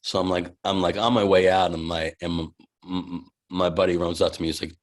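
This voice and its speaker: A man in his forties, a podcast guest, telling an animated, profane anecdote with many restarts and bursts of laughter. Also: sits low, fairly quick. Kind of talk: casual storytelling.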